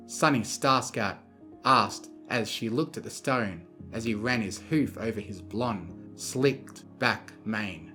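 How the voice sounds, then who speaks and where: A narrator reading romantic fanfiction aloud as a bedtime story, calmly and expressively. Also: medium pitch, slow pace, faint music behind. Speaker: fanfiction reader.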